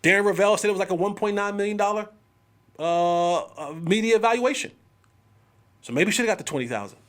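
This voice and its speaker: A sports talk show host speaks in a voice well above the usual male range, at a moderate pace. He's slangy and casual, talking straight to viewers with emphatic, animated delivery and drawn-out exclamations.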